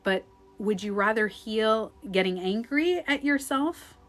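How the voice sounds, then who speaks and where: A woman coaching on a live stream, chatting casually and answering comments, rambling and candid, swearing and laughing easily, sometimes dropping to a hushed voice. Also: fairly high pitch, lively intonation, unhurried, soft background music.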